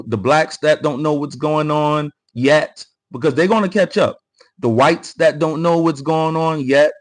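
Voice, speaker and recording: Heard over a rough recording, this man's voice is fairly high. Hosting a live political commentary stream, he speaks straight to his audience, reads out their chat comments, and keeps repeating phrases.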